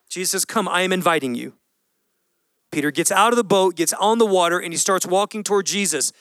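Pastor, male, high and bright voice, clear and dry, casual animated preaching. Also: a little fast, no echo. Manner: animated storytelling, acts out voices, casual slang. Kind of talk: sermon.

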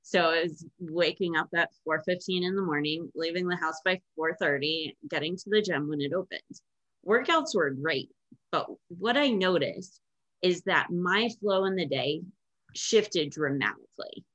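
A woman from Indiana hosts a casual podcast and tells stories with enthusiasm. Her voice is low for a woman. The recording sounds dull and muffled. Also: a little slow, fairly bright tone. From Indiana, USA. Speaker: podcast host.

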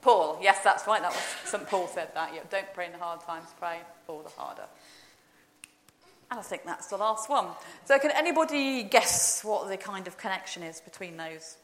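A woman's voice: fairly low pitch, moderate pace. Woman leading a chatty church talk. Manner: chatty and playful, quizzing the congregation. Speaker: church service leader. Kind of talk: informal all-age talk in a church service. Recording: roomy church echo.

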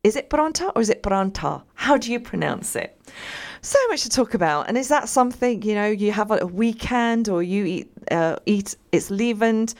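A woman's voice: medium pitch, lively intonation, moderate pace, a little mellow. A woman hosting a radio show, chatting casually in a meandering way and putting questions to her listeners.

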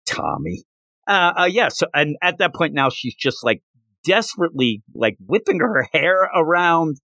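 Animated man rambling through a manga recap. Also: fairly high pitch, normal speed, no echo. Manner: rambling, animated storytelling with fillers. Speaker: podcast host.

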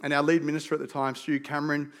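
An Australian pastor preaches a conversational sermon, telling stories with lively, self-deprecating humour. He talks quickly in a slightly high voice.

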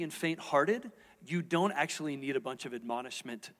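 A man's voice: on the high side, lively intonation, moderate pace, fairly bright tone. A middle-aged man, a lead pastor, preaching a sermon from a church stage in a candid, conversational way, asking the audience questions. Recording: reverberant church hall.

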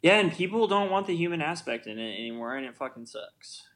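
A man's voice: on the high side, expressive, quick pace, a bit bright. An American man co-hosting a casual podcast, talking in a laid-back way, swearing freely and chuckling. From United States. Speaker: podcast co-host. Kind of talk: casual film podcast chat.

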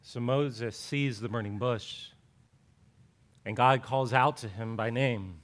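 A man preaching a sermon earnestly, often repeating words and sinking low and soft on key words, with playful asides. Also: slow. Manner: playful asides with joking voices.

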